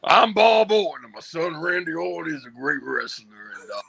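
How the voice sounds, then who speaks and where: A man's voice: a little high, lively intonation, a little fast, gravelly, fairly bright tone, breathy edge, full character voice, rough recording. A man voicing an old male wrestler who boastfully reminisces about his career. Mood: reminiscing.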